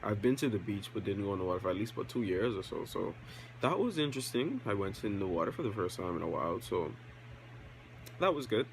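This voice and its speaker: A young man talks to his camera in a low, easygoing voice, rambling and self-aware with plenty of ums. A faint hum of room noise sits under his voice. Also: rough recording. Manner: relaxed, rambling, self-aware, with many fillers. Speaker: vlogger. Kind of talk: casual vlog talk to camera.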